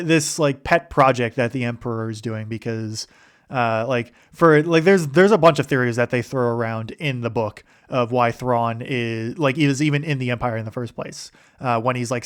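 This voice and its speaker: A man's voice: mid-range voice, smooth. A man hosting a podcast, rambling casually about books he listened to, with lots of restarts. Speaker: podcast host.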